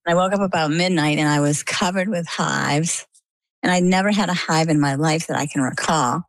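An older woman from Maine, a guest telling her own story in a chatty, lively way. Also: sits low, normal speed, dry recording. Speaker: interview guest. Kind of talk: casual storytelling.

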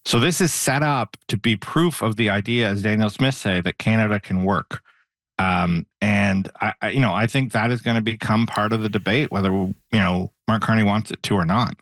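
A man with a lowish voice speaks as a panelist, laying out political timelines in a measured, analytical way. His delivery is dotted with "you know" and small restarts. The sound is dry and close. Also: a bit bright, no room sound.

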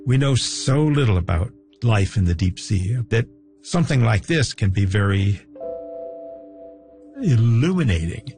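A man, a deep-sea scientist being interviewed, describing what he saw in a descriptive, unhurried way with pauses. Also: expressive, gravelly, darkish tone, soft background music. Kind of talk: explaining to interviewers.

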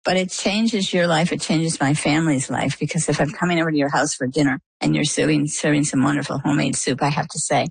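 A woman's voice: low-pitched, fast talker, creaky, few pauses, breathy edge, no room sound. A woman telling her story as an interview guest, earnest and emphatic, acting out what people said to her along the way. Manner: animated storyteller who often acts out quoted dialogue. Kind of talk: conversational storytelling.

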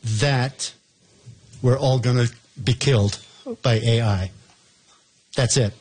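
A man on a comedy panel, giving deadpan, absurd answers in improvised banter. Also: mid-range voice, takes it slowly, a little hiss or hum.

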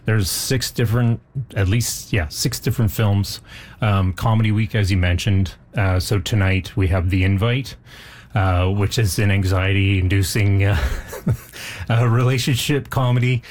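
A man talking as a guest on a radio show, hesitant and full of ums, pausing and restarting as he describes films. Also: on the low side, fairly even intonation, darkish tone. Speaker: film society guest. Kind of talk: casual radio interview. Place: radio studio. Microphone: studio microphone.

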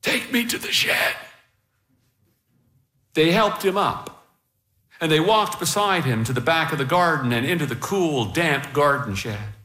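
A man reading a story aloud with expressive narration. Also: a little high, reverberant, a little hiss or hum. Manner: slow, expressive, warmly paced narration.

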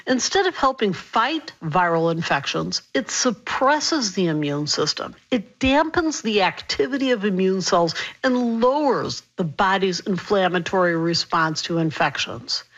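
A woman physician explaining health topics in a radio interview, brisk and clear. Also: mid-range voice, very animated, fairly bright tone, lo-fi sound.

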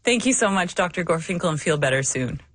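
A woman's voice: fairly low pitch, expressive, fast, husky, dry recording. A woman hosting a radio interview, friendly and conversational with a few hesitations. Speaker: radio host.

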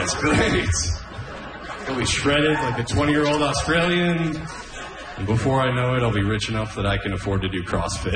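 A man in his thirties doing a stand-up set at an open mic, deadpan and self-deprecating with trailing asides. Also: fairly low pitch. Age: 30s. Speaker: stand-up comedian. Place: open mic stage in a room. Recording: echoey room with long reverb.

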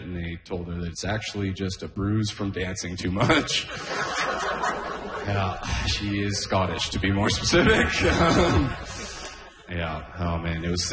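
A man's voice: lowish voice, fairly bright tone, echoey room. A man from Canada performing a stand-up comedy set, laughing at his own jokes and often saying "oh, man".

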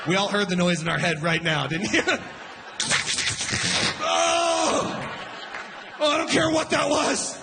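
A man in his forties doing a stand-up comedy set, shouting character voices for punchlines. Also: sits high, steady tone, slow, long pauses, a loud crowd, very noisy.

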